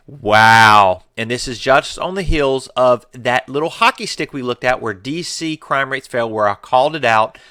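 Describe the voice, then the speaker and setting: A man's voice: on the high side, sharp tone, no room sound, clean studio sound. A man hosting a political commentary show, combative and sarcastic, with mocking exclamations.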